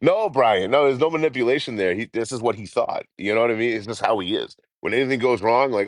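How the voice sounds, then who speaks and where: A man's voice: mid-range voice, fast talker, hardly any pauses, dry recording. A man, chatting casually and profanely on a travel live stream, laughing often. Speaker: travel vlogger.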